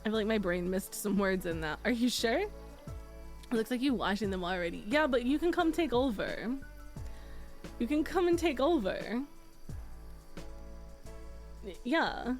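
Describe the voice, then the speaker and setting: A woman streamer chatting casually with her viewers, swearing freely and laughing often. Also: on the high side.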